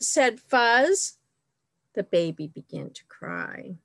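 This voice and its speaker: Animated woman reading a picture book. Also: a little high, no echo. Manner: expressive, slow and clear for children. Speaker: children's storyteller.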